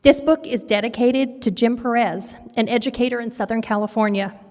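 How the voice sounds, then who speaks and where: A woman reading a picture book aloud to children at a worship service in an expressive, storytelling manner. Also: on the high side, brisk. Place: congregation sanctuary. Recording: long hall reverb.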